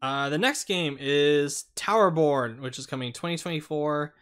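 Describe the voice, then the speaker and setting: A man co-hosting a casual game talk show, measured and plain-spoken, often restarting his sentences. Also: fairly high pitch, fairly bright tone. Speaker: podcast co-host. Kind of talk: casual chat, running through a list.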